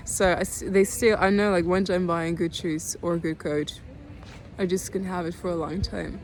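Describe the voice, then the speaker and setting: A young woman in her twenties with a Dutch accent, speaking in a halting personal video diary, calm and low-key, often close to tears, with many pauses and restarts. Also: slight background noise. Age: 20s. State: near tears.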